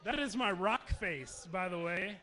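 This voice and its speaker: A man in his thirties from Texas, speaking to campers in a dark meeting hall, telling jokes and stories in a chatty way. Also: sits high, unhurried, background noise. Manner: joking, chatty storyteller. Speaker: youth camp speaker. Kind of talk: humorous youth talk to campers.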